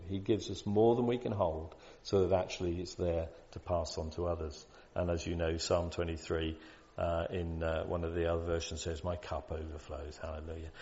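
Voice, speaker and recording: A man preaching a sermon in a conversational way, building to loud, emphatic peaks. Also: deep voice. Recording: dull lo-fi sound.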